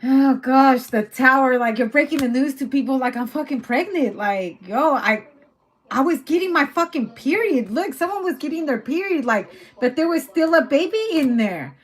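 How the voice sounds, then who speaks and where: A woman's voice: sits high, animated, moderate pace, few pauses. A woman giving a casual tarot reading, talking loosely with lots of swearing and laughter. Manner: loose, profane, chatty, laughs often. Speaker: tarot reader.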